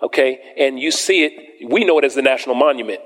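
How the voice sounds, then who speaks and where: A man preaching a sermon to a congregation, reading scripture slowly and emphatically and asking the listeners questions. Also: medium pitch, fairly bright tone, slight background noise. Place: church sanctuary with congregation. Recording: long hall reverb.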